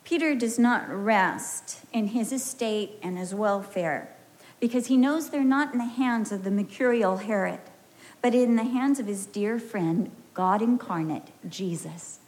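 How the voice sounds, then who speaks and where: A woman's voice: mid-range voice, measured pace, darkish tone. An American woman preaching a sermon in an emphatic, storytelling way with humorous asides. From United States.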